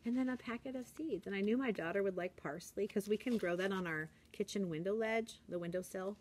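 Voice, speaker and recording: A woman's voice: fairly quick, a little mellow, slight background noise. A woman in her forties, a teacher, chatting upbeat and casual in her classroom while she shows things to a handheld camera. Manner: chatty and upbeat, acts out kids in a high voice. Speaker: elementary school teacher. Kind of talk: casual classroom vlog chat. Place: classroom, indoors.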